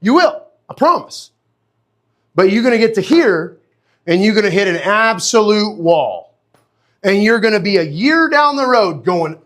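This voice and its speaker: A man teaching as a dog trainer in a live online class, animated and conversational, often checking in with his listeners and answering viewers by name. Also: high-pitched, unhurried. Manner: replies to viewers' comments by name.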